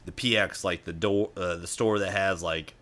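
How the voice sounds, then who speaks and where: A man's voice: deep voice, fairly even intonation, moderate pace, a bit bright. A young man telling stories in casual chat, rambling and swearing a lot, with many fillers. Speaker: podcast guest.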